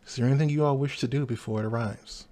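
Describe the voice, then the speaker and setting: A man running a tabletop game as game master, describing scenes in an unhurried way. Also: mid-range voice, fairly even intonation, warm tone.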